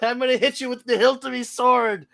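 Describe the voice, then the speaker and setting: A man putting on a brash Scottish woman wrestler with a broad comic brogue, gruff and threatening. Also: very high voice, steady tone, brisk, sharp tone, voice pushed up, full character voice. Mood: mock threatening. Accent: mock Scottish.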